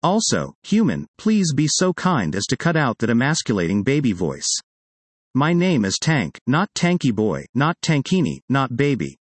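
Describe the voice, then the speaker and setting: A man's voice: mid-range voice, huge pitch swings, normal speed, breathy edge, no echo. A man voicing a huge, aloof male guard dog who speaks in a lofty, mock-formal way. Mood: haughty.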